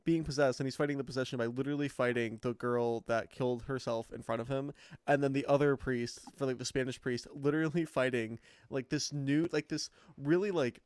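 A young man co-hosting a podcast, excitedly describing scenes in casual talk, swearing often and restarting sentences. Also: mid-range voice, fairly quick, smooth. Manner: excited, swears freely, lots of "like" and false starts. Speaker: podcast co-host. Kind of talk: casual movie chat.

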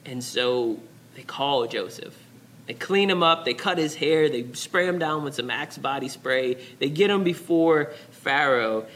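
A male pastor preaching a sermon in a church, telling a story with lively, casual slang and dropping to a near whisper for emphasis. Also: medium pitch, unhurried. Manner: animated storytelling, acting out characters with casual slang. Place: church sanctuary.

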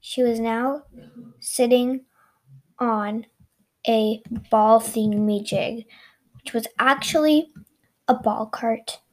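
A woman's voice: on the high side, fairly even intonation, takes it slowly, long pauses. A woman telling an improvised story, rambling with restarts and asides to her listeners.

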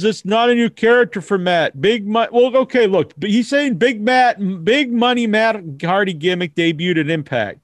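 High-voiced, profane rambling man. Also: dry recording. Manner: rambling, profane, acts out kids in squeaky voices. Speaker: host. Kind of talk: casual wrestling talk.

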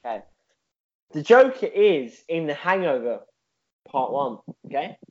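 A man's voice: on the high side, very animated, unhurried, dull audio. A man co-hosting a podcast in casual chat, rambling through a silly story with laughs and swearing. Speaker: podcast co-host.

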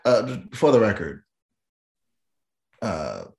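A man's voice: on the low side, huge pitch swings, takes it slowly, creaky. A man hosting a podcast quiz, chatting casually with his players, teasing them and laughing a lot. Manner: teasing and jokey, laughs often. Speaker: podcast host running a music quiz.

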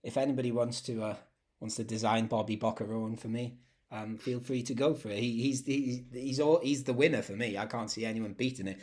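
A man's voice: medium pitch, steady tone, a little fast, darkish tone. A man hosting a football fan podcast, chatty and jokey with fillers. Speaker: podcast host. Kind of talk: casual podcast chat.

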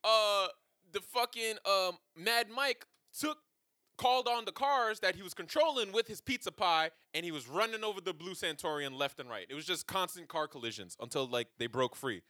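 A man riffing on a casual comedy podcast, his voice high and bouncing wildly in pitch. He tells stories with loose, profane energy and laughs often. The sound is close and dry. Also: moderate pace, no room sound. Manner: animated, laughing, profane storytelling. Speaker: podcast co-host.

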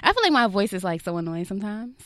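A woman hosting a podcast in casual chat, easygoing and quick to laugh. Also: medium pitch, very animated, fairly bright tone, dry recording. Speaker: podcast host.

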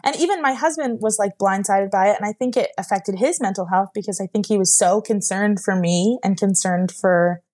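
A woman's voice: mid-range voice, a little fast, few pauses, darkish tone. A young woman telling a personal story as a podcast guest. She rambles emotionally, with many fillers, and sounds close to tears at times.

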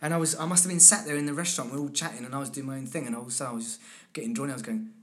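Fast-talking animated male dialect coach. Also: mid-range voice. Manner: animated, acts out little scenes in other voices. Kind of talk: casual interview chat.

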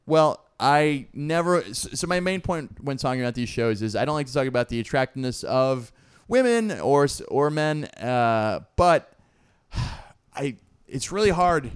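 A man's voice: medium pitch, expressive, normal speed, clear, resonant tone. A man co-hosting a podcast in casual chat, sarcastic and joking, with lots of fillers. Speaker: podcast co-host.

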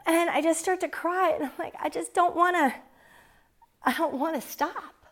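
A woman's voice: extremely high pitch, moderate pace, a bit bright. A woman preacher, telling a tearful personal story and then praying fervently over her congregation in a church. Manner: earnest, tearful, rising to fervent prayer. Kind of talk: emotional sermon and closing prayer.

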